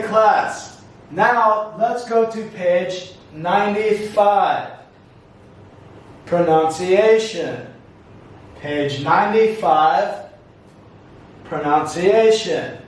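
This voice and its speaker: A man teaching an English class, slowly modeling words and phrases for students to repeat. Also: high voice, very echoey, recorded from a distance, slight background noise, rough recording. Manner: slow, deliberate, drawn-out modeling of words. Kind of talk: classroom lesson, slow repeat-after-me drills.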